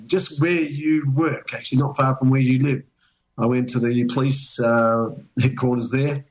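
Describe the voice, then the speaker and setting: A man's voice: medium pitch, poor audio. Older Australian man telling rambling stories. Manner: rambling anecdotal storytelling. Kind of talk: casual chat.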